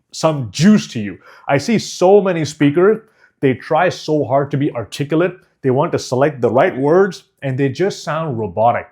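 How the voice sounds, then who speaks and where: Animated man teaching public speaking. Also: a little high. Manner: demonstrative, swings pace and volume from loud to whisper; emphatic, direct. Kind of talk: teaching course.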